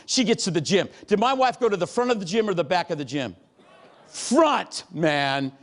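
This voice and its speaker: Animated high-voiced man giving a keynote. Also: moderate pace. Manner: animated, punchy, bursts into shouts and acted-out quotes. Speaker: keynote speaker. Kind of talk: motivational keynote storytelling. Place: large hall before a live audience.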